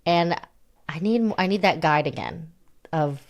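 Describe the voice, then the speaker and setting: Laughing often, a young woman co-hosting a podcast rambles through casual, self-deprecating chat. Her voice is deep and animated, and she doesn't rush.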